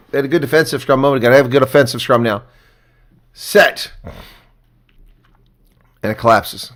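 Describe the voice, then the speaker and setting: A man giving casual live reaction commentary on a rugby match, chatty and thanking viewers, getting excited on big plays. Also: mid-range voice, normal speed, pauses often.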